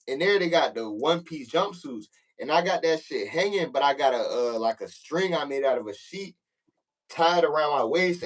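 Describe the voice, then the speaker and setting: A young man, a podcast guest, telling a story in casual chat, loose and profane, full of filler phrases, getting louder when he acts out confrontations. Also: low-quality recording. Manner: loose, profane, full of "like" and "you know what I'm saying"; gets loud and high when reenacting confrontations.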